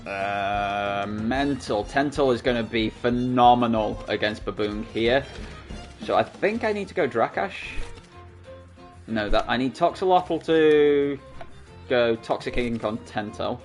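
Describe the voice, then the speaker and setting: Excitable Australian gamer commentating. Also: male voice, medium pitch. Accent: Australian, Sydney. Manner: excitable, shouts at the game. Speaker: gaming channel host. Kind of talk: let's play commentary.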